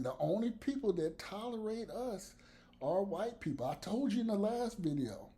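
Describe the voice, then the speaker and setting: A man's voice: sits high, mellow. A man vlogging blunt, profane commentary to the camera, with laughs between his points.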